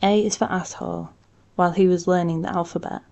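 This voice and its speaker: A woman reading a novel aloud in a calm, steady storytelling manner. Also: on the low side, brisk, vocal fry, lo-fi sound. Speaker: audiobook reader.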